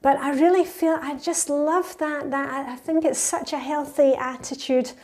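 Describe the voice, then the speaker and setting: A woman's voice: high voice, fairly even intonation, moderate pace, darkish tone. A woman in her fifties, a lifestyle vlogger chatting enthusiastically as she reads out and answers viewer comments. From Scotland. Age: 50s.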